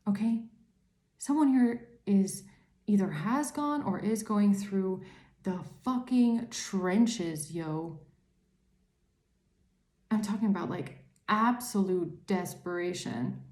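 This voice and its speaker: A woman's voice: mid-range voice, slow pace, pauses often, warm tone, roomy sound. A woman giving a tarot reading to her viewers, ranting angrily and swearing a lot. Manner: angry ranting, heavy swearing. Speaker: tarot reader.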